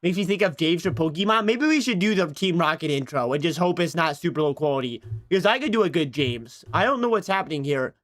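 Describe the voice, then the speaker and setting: A young man livestreams in a loose, playful way, chatting and cracking jokes between attempts at mimicking lines. His voice sits high for a man. He keeps the talk relaxed and quick to laugh. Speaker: streamer. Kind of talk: casual livestream chat, imitating game voice lines.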